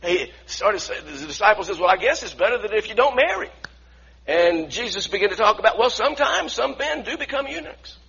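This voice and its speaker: Animated preaching man, bright husky voice. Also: sits high, a little fast. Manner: animated, swings from loud emphasis to quiet intensity. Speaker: pastor. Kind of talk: sermon. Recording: slightly dull lo-fi sound.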